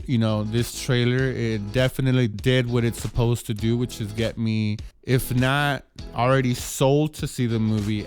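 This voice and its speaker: A man giving a casual spoken movie trailer review, halting often with restarts and repeated words. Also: medium pitch.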